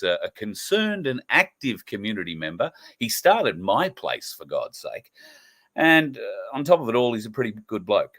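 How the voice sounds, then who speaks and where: Brief: middle-aged Australian male host, lowish voice, earnest, emphatic political monologue with plenty of uhs. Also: fairly bright tone. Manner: earnest, emphatic, with frequent fillers.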